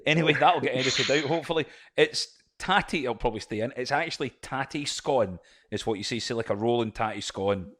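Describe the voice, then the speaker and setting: A man's voice: mid-range voice, fast talker, a bit bright. A man hosting a casual interview, joking and teasing his guest. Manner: joking, teasing, plugs sponsors.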